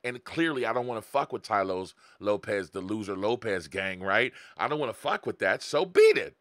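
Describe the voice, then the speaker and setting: A man's voice: lowish voice, lively intonation, moderate pace, fairly bright tone, no room sound, studio quality. A man in his forties talking bluntly and profanely on a live stream, coaching his viewers and laughing often. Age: 40s. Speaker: online marketing coach. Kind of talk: live-streamed motivational talk.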